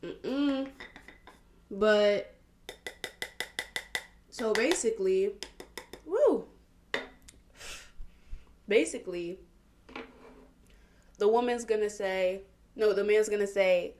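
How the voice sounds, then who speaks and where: At home doing her makeup, a young woman hosts a casual get-ready-with-me podcast, speaking in a relaxed Black manner at a mid pitch. She tells stories with bursts of laughter and drawn-out exclamations, then drops into quieter asides as she works. The sound is reverberant.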